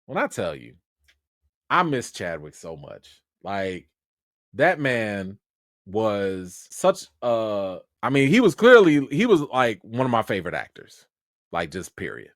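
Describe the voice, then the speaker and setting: A man gives chatty livestream commentary on film news, and his pitch ranges widely as he talks. He is casual and animated and drops in plenty of fillers. The mic is close and the sound is dry, with no room. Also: takes it slowly, dry recording. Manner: animated, conversational, lots of fillers. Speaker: YouTube movie commentator.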